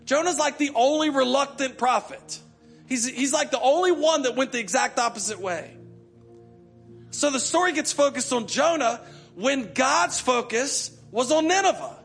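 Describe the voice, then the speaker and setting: A man preaches to his church with a high voice. He throws himself into the sermon and acts out pleading prayers in quick repeated bursts. Soft music plays faintly behind him. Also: animated. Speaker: pastor.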